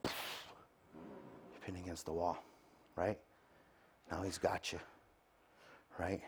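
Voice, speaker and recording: A man's voice: low voice, level tone, slow, a little hiss or hum. A man preaching a sermon in a conversational way, checking in with the listeners by asking "right?" after nearly every point. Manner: acts out everyday conversations in quoted voices.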